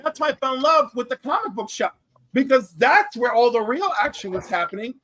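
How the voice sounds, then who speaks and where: A man chatting casually on a panel, telling lively stories and acting out what people said. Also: very high-pitched, brisk. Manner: animated storyteller, acts out quoted voices. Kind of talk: casual chat.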